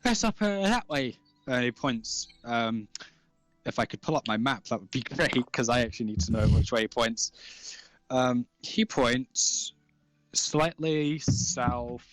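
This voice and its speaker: A man narrating as game master in a casual, halting way with many fillers. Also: mid-range voice, steady tone, soft background music.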